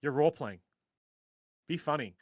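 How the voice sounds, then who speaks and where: A middle-aged man hosts a casual live stream in a slightly high voice. He rambles, jokes at his own expense and circles back on his thoughts. The sound is dry and close. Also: normal speed, no room sound. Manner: rambling, joking, self-deprecating. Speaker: host.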